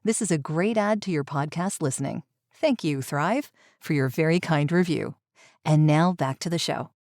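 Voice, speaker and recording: A woman podcast host reading out a listener review in a clear, read-aloud delivery. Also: sits low, normal speed, background noise.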